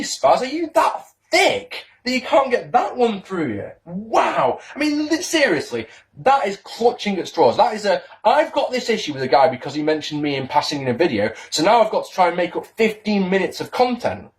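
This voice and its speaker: Sarcastic man ranting with lively pitch. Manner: sarcastic, indignant, swears often. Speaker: wrestling YouTuber. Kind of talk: combative response-video rant. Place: small room.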